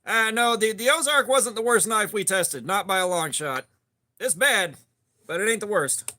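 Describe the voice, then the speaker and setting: A man's voice: high voice, moderate pace, bright, forceful tone. A man hosting a laid-back live stream, greeting chat viewers by name. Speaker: livestream host.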